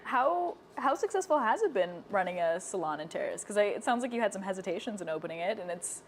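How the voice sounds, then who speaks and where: A woman's voice: mid-range voice, animated, fast talker, slight background noise. Encouraging Canadian woman interviewer. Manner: warm, encouraging, laughs along. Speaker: interviewer, podcast host. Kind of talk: casual interview chat. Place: hair salon.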